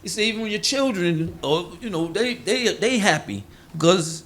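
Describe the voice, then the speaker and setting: A man's voice: high voice, expressive, moderate pace, fairly bright tone. A man preaching in a casual, conversational way. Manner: informal, conversational, acts out quoted voices. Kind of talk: sermon teaching.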